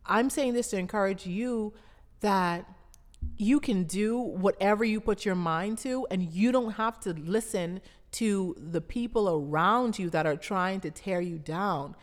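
Bahamian woman, unhurried and emphatic; preacher-like repetition, long hall reverb. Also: mid-range voice. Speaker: brand founder. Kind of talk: motivational talk.

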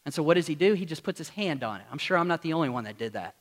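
A man's voice: a little high, lively intonation, racing. A pastor preaching a sermon to his congregation in a church, earnest and full of rhetorical questions. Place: church sanctuary with screen.

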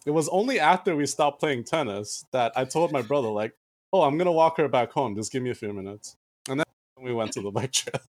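A man's voice: mid-range voice, lively intonation, fairly quick, darkish tone. A young man telling a casual story on a podcast, rambling with lots of fillers and restarts.

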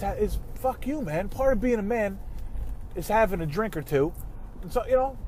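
Heated man, somewhat high voice, swearing and rambling from his car, faint road noise. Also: darkish tone. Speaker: vlogger ranting while driving. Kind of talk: casual profane rant. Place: inside a car.

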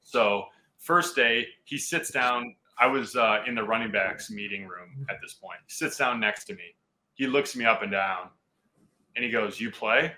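A man in his thirties, a football player, telling an animated story on a podcast and laughing often. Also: mid-range voice, moderate pace, a little hiss or hum, poor audio.

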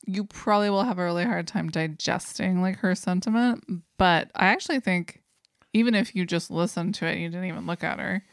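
A woman's voice: lowish voice, brisk, no room sound, clean studio sound. A woman co-hosting a podcast in casual chat, playful and chatty, laughing often. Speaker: podcast co-host.

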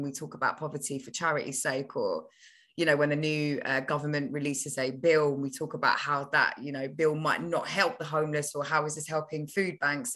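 A young woman, a podcast guest telling stories from her childhood in a lively, chatty way. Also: low voice. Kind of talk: casual storytelling.

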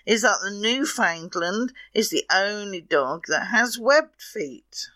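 A woman's voice: medium pitch, animated, slow, pushed and bright. A woman co-hosting a casual podcast. She shares animal facts in a matter-of-fact, informative way with a dry humour. Her voice sits in an ordinary middle range. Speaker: podcast co-host.

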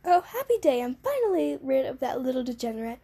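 A woman's voice: high voice, sing-song, fairly quick, gravelly, dark tone, breathy edge, full character voice. A woman voicing a stern, scheming female kindergarten teacher in a haughty, scolding manner while playing a game. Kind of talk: let's play character reading.

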